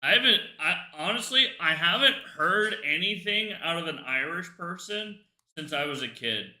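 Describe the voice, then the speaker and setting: Bright-voiced man rambling on stream. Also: a little high, expressive, moderate pace. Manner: rambling, jokey, talks to himself. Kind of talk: casual livestream chat while gaming. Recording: roomy echo.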